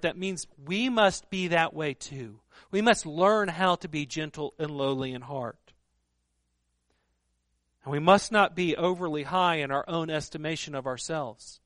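A man preaching a sermon in an earnest, emphatic way, often dropping to a hushed voice for stress. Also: fairly high pitch, dry recording, clean studio sound. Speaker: pastor.

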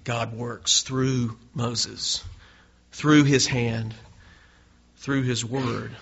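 A man's voice: mid-range voice, fairly even intonation, very slow, gravelly, a little hiss or hum. A male pastor preaching a sermon in an earnest way, building to emphatic peaks. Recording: dull lo-fi recording.

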